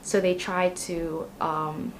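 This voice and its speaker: A woman's voice: fairly low pitch, flat delivery, slow pace, a little hiss or hum. A young woman giving a casual tarot reading to camera, chatty and rambling with lots of fillers. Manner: chatty and rambling, many ums and you-knows. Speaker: tarot reader.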